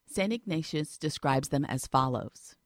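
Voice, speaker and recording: Woman reading devotional narration, low and expressive, dry sound. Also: a little slow, no echo. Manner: expressive storytelling with questions to the listener. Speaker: reader.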